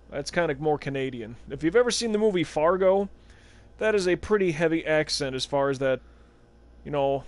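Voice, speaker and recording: A man's voice: on the high side, normal speed, darkish tone. A young man streaming a basketball video game, rambling in casual, sarcastic, profane commentary. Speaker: gaming livestreamer. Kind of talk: casual let's-play commentary.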